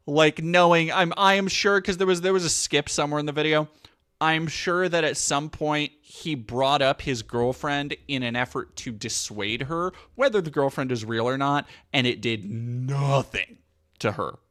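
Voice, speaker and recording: A man's voice: on the high side, moderate pace, fairly bright tone. A man giving casual, sarcastic, profane commentary on video clips as a streamer.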